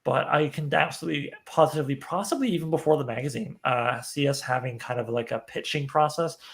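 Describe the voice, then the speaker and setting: A man's voice: fairly high pitch, fast talker, creaky. A man hosting a casual launch livestream, rambling and self-deprecating as he talks with cohosts. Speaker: magazine editor hosting a launch stream.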